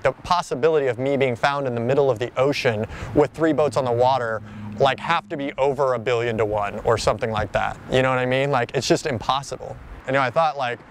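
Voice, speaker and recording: A man's voice: mid-range voice, a little hiss or hum. A man being interviewed outdoors, telling a personal story in a rambling, casual way, full of "like" and "you know".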